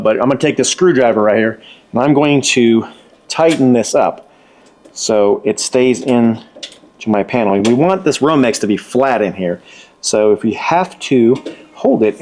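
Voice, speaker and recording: A man's voice: mid-range voice, darkish tone, slight background noise. A man explaining electrical wiring step by step in a casual hands-on tutorial, folksy and repeating himself for emphasis.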